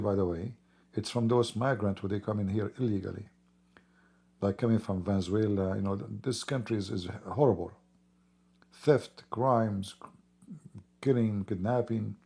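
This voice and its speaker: A hoarse man who is losing his voice talks in a rambling, emphatic way during a casual livestream, clearing his throat often. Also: lowish voice, mellow. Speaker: livestream host.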